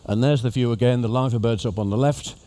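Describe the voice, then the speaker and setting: A man's voice: mid-range voice, steady tone, fast talker, dark tone. A man giving a humorous, chatty talk to cruise passengers as an after-dinner speaker. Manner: jokey, chatty storyteller addressing an audience. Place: ship lecture venue.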